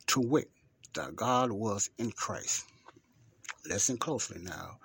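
A man giving a podcast Bible teaching. He reads scripture slowly and deliberately, repeats key words for emphasis and asks rhetorical questions. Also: sits low, breathy edge.

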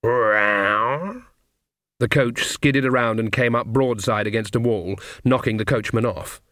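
A man narrating a comic fantasy audiobook in measured scripted narration. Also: mid-range voice, fairly even intonation, fairly bright tone, no echo, clean studio sound.

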